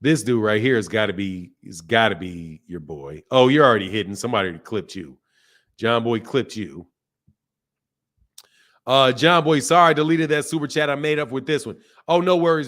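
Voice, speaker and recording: A man hosting a live boxing stream, chatting casually and reading out viewers' names from the chat. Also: medium pitch. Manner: animated, talkative, reads chat names aloud. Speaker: boxing channel host.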